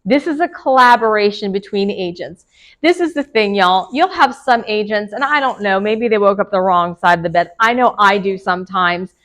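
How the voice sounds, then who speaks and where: A woman's voice: mid-range voice, normal speed, fairly bright tone, low-quality recording. A woman, a real estate broker giving a casual classroom lecture to agents, chatty, laughing often and asking the room questions.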